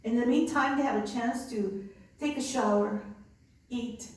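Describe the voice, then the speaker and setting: Telling personal stories of the migrant respite center she runs, a nun talks in an earnest, filler-heavy conversational way. Her fairly high, darkish voice moves a little slowly, recorded at a distance in an echoey room with faint ambience.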